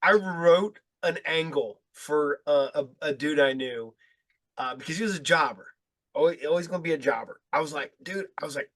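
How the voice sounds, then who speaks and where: A man hosting a podcast, telling stories in a laid-back, halting way during casual chat. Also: fairly high pitch, a bit bright. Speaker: podcast host.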